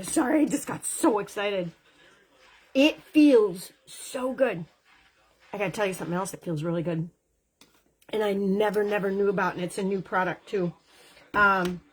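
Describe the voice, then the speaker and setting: A woman in her fifties chatting through a makeup tutorial at home, gushing over products with quick asides, on the camera mic. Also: medium pitch, husky. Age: 50s. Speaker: makeup vlogger. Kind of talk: casual makeup tutorial chat. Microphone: camera mic, lapel not worn.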